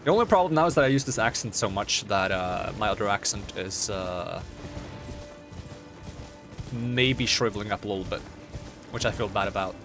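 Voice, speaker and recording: A man's voice: on the low side, lively intonation, normal speed, long pauses. A young man casually chatting while he plays and streams a game, rambling from thought to thought and laughing often. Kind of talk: casual chat while playing. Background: game music.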